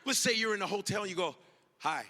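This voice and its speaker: A man performing a stand-up comedy set on a club stage, acting out characters with sudden shouted outbursts. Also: high-pitched, rapid-fire. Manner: animated, acts out characters with big shouted outbursts. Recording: live club recording with audience noise.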